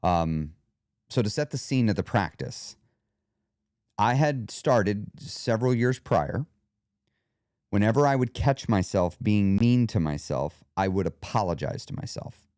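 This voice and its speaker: A man hosting a weight loss podcast, coaching the listener directly in a lively monologue. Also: lowish voice, unhurried, no echo, studio quality. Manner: animated, coaching, talks straight to the listener.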